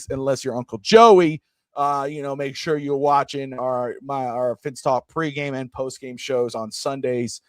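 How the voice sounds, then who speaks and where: A man hosting a sports podcast in casual chat, rambling and animated as he drifts into side comments. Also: medium pitch, no room sound, studio quality. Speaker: podcast host.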